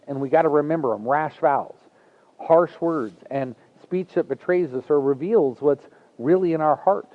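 Man, pastor, sermon, fairly high voice, earnest, conversational, folksy asides, dull lo-fi sound.

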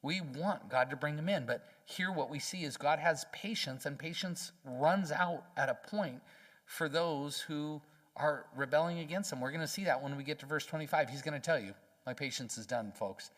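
A man preaching a sermon as pastor, emphatic and folksy, acting out quotes in lively voices. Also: a little high, moderate pace, in a large hall.

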